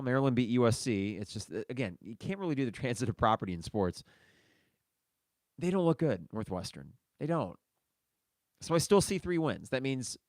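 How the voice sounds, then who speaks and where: A man's voice: medium pitch, no echo, studio quality. A man hosting a casual solo sports podcast, reading listener mail and reacting in a chatty way. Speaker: podcast host.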